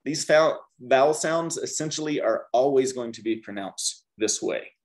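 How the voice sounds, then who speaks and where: A man's voice: medium pitch, normal speed. A man teaching a beginner Spanish class, upbeat, leading the students in call-and-repeat drills. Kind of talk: classroom language lesson.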